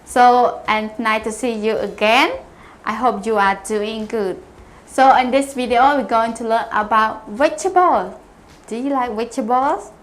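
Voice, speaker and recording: A young woman speaking English, her voice sitting a little high. She teaches a beginner vocabulary lesson at an unhurried pace, repeating each word and spelling it out letter by letter. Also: a bit bright. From Cambodia. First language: Khmer.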